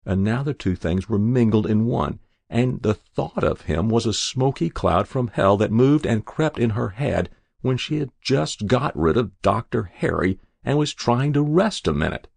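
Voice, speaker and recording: A man narrating a literary short story in a measured, expressive way. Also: on the low side, gravelly, no room sound. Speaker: reader.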